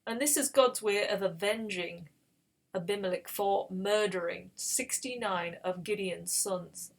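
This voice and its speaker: A woman's voice: medium pitch, unhurried. Woman casually retelling scripture. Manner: conversational, explains with asides. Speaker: Bible reading channel host.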